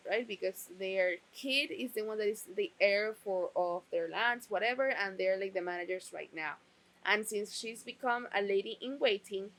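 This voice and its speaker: Woman reviewer, unhurried delivery, mid-pitched, chatty, filler-heavy, swears now and then. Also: poor audio. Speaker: TV series reviewer. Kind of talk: casual spoken review.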